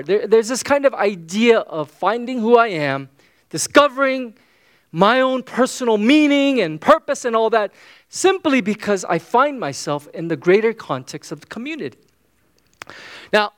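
A man's voice: sits high, fairly bright tone, clear, resonant tone. A man preaching a sermon as pastor, casual and joking, with frequent "okay?" asides. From United States.

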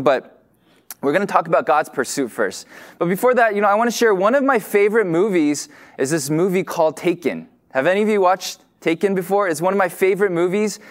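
A man delivering a sermon in an easygoing, conversational way. His voice sits a little high for a man, and he piles on fillers and restarts. He admits he tends to rush his words. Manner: casual, full of fillers like "you know" and "like"; says he tends to talk fast. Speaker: pastor.

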